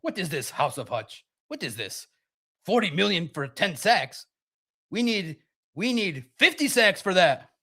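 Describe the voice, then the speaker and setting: A man's voice: sits high, very animated, a little slow, sharp tone, husky, exaggerated voice. A man voicing a stingy, penny-pinching male football general manager who haggles and fires off indignant questions.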